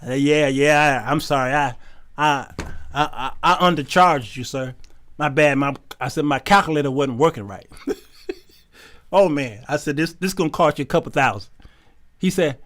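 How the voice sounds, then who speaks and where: A man hosting his show, telling a comic story, animated and laughing often as he acts out the people in it. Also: a little high, unhurried, long pauses. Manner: animated, laughing often, acting out quoted voices. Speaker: show host.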